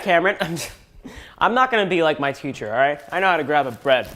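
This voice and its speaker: A man's voice: a little high, lively intonation, brisk, a bit bright. A young man doing comedic vlog commentary, playful and sarcastic with exaggerated outbursts. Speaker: YouTuber.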